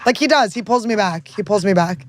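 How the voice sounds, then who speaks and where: A woman hosting a podcast, telling stories in crude, excitable casual chat on a close studio mic. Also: mid-range voice, brisk. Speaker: podcast host.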